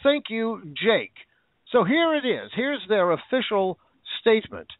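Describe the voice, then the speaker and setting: A man's voice: high-pitched, very animated, measured pace, no echo. A man hosting a show, ranting with sarcasm and indignation, repeating himself. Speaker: show host. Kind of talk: ranting commentary. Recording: tinny phone-like line.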